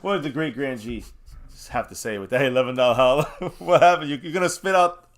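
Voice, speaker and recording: A man's voice: mid-range voice, brisk. Tipsy, cursing man reacting to football. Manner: profane, excitable, swings from mutters to shouts. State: has been drinking. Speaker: host of a fan watch-party stream. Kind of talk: live game reaction and chat.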